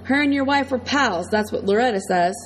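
A woman's voice: fairly high pitch, slight background noise, natural voice. A woman reading a jittery bearded accomplice. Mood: nervous. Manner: fast, nervous and pleading.

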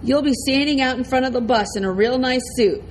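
A woman's voice: high-pitched, a little fast, slight background noise, voice pushed up, natural voice, poor audio. A woman reading a menacing ex-convict preacher. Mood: coaxing.

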